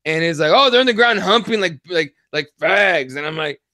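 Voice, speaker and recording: High-voiced, profane man podcasting. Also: a little fast, no room sound, studio quality. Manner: profane, animated storytelling. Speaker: podcast co-host. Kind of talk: casual chat.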